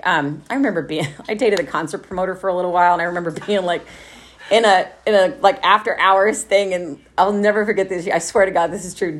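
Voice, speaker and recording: A middle-aged woman from Texas, telling a personal story to a live audience in a candid, wry way, often laughing and saying "like". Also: fairly low pitch. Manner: candid, wry, laughs through dark memories, many fillers like "like".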